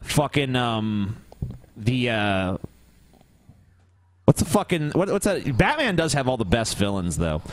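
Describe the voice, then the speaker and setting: Man, podcast co-host; profane, teasing banter, animated pitch. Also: unhurried, long pauses. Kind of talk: casual crude banter.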